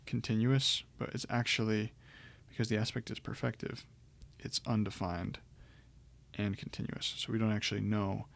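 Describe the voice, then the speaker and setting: A man's voice: fairly low pitch, level tone, moderate pace, vocal fry. A man teaching Greek grammar in a recorded lecture, explaining step by step with frequent ums and restarts.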